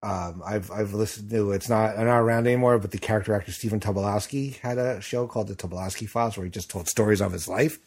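Middle-aged male podcast host, husky, chatty and rambling with fillers. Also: lowish voice, steady tone, fast, hardly any pauses, a little mellow. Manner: rambling with many fillers and restarts. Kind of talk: casual chat.

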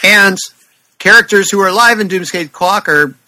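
A man co-hosts a casual podcast about comics, easygoing and wry. His voice sits a little high, with a bright, forward tone. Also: moderate pace, low-quality recording. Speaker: podcast co-host.

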